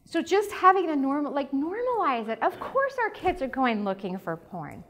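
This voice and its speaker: Frank, joking woman presenter, high voice. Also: big pitch swings, moderate pace, a bit bright. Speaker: conference presenter and psychology teacher. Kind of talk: candid conference talk. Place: conference breakout room.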